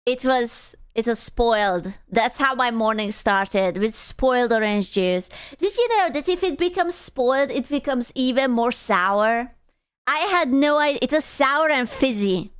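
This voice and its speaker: A woman's voice: high-pitched, a bit bright, clear, resonant tone. A woman streamer chatting casually with her viewers, dramatic and self-deprecating, swearing freely.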